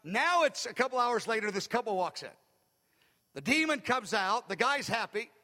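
A male pastor telling stories in a sermon, acting out the dialogue in an animated way. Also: very high-pitched, moderate pace. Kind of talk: sermon storytelling. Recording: long reverb of a large hall.

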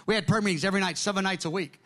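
Bright high-voiced man preaching. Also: very fast. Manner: animated anecdotes, quoting others in dialogue. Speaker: pastor. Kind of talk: sermon storytelling.

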